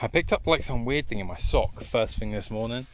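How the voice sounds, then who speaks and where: A man's voice: medium pitch, animated, a little fast, slight background noise. Chatty man vlogging on a mountain hike. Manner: rambling, chatty, swears freely. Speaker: hiking vlogger. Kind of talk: casual vlog chat. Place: outdoors on a high mountain trail.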